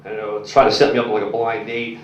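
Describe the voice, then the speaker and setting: A man's voice: on the low side, little pitch movement, a little fast, a little hiss or hum. Crude rambling male stand-up comic. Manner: crude, rambling, filler-heavy delivery. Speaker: stand-up comedian. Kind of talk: stand-up set with crowd work. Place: comedy club stage. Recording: echoey, muffled room recording from a distance.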